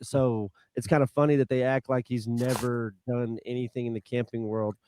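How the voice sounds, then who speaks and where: A man's voice: mid-range voice, moderate pace, slight background noise. Man laid-back podcast co-host. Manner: relaxed, hesitant, adds asides and observations. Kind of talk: casual chat.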